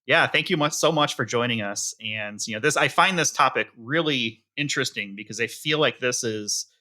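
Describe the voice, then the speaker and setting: A man co-hosting a podcast, chatting casually and laughing easily with his co-host and guest. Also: mid-range voice. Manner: chatty, relaxed, quick to laugh.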